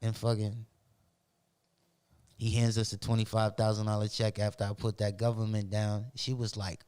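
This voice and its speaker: A man's voice: lowish voice, moderate pace, clean tone. Profane man telling stories. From Roxbury, Boston. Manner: profane, animated storyteller. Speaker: podcast guest. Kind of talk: casual storytelling.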